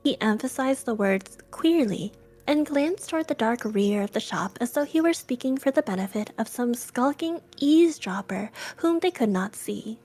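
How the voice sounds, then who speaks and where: A woman reading a spooky story aloud, narrating in a soft, often whispery voice. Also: fairly high pitch, expressive, moderate pace.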